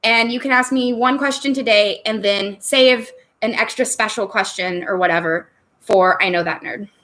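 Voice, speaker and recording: A woman's voice: fairly high pitch, normal speed, a bit bright. A woman hosting a casual livestream from a room at home, chatty and bubbly, laughing often between thoughts. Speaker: livestream host.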